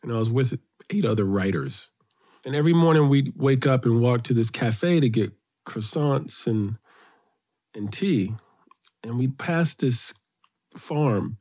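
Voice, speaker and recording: A middle-aged man from Brooklyn, New York, guest in an interview, telling childhood stories in an animated way, his voice lifting when excited. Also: a little slow. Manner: animated storyteller, rises in pitch when excited. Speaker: guest, children's author and poet. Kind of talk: storytelling interview.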